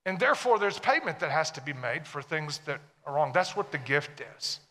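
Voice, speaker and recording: A man's voice: fairly high pitch, big pitch swings, fairly quick, sharp tone, in a large hall. A man preaching a sermon to a congregation, emphatic and full of questions to the listeners. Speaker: pastor.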